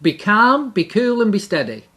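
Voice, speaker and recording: A middle-aged speaker giving a devotional talk in an animated way, repeating key phrases for emphasis. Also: mid-range voice, moderate pace.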